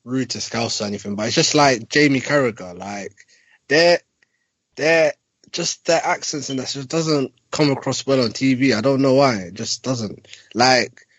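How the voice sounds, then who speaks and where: A man's voice: mid-range voice, moderate pace, no echo. A man chatting bluntly about boxing on a podcast, often trailing off with "like" and "man". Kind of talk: casual boxing chat. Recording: dull lo-fi sound, dry.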